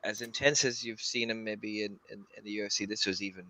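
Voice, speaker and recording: Guy on a video call, low but bright voice, keeps restarting, earnest. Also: steady tone, dry recording. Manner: halting, full of restarts and fillers, earnest. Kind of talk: casual chat.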